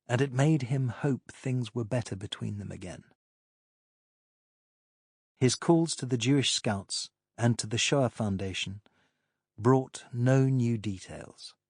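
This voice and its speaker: A man reading a mystery novel aloud in even, unhurried scripted narration. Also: medium pitch, dry recording, studio quality. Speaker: audiobook narrator.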